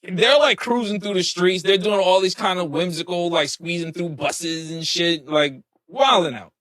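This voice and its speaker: A man co-hosting a podcast, giving a casual, joking movie recap full of slang and quick laughs. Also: high-pitched, dry recording. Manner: animated storyteller, slangy, laughs often. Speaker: podcast co-host.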